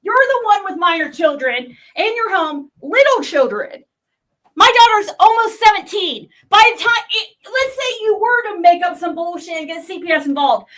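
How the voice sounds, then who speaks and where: Middle-aged woman vlogger, high and piercing, heated profane rant that swings from muttering to yelling. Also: big pitch swings, moderate pace. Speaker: vlogger reacting to online critics.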